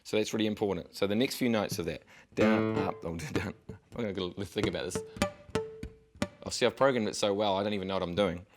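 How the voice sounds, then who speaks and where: A man's voice: fairly low pitch, a little fast. A man teaching a guitar lesson, patiently counting strokes step by step and encouraging the viewer. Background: guitar playing.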